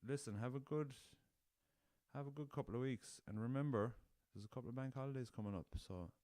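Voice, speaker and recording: Here an Irish podcast host, his mid-range voice dark in tone and a little fast, rambles casually through a story, swearing freely and referring to listeners as lads. The sound is dry, recorded with a podcast recorder and laptop.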